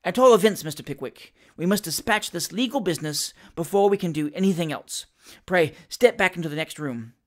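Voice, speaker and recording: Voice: medium pitch, lively intonation, brisk, close to an everyday voice. A reader voicing a pompous, flustered male country magistrate in an audiobook, stern and blustering with some stammering.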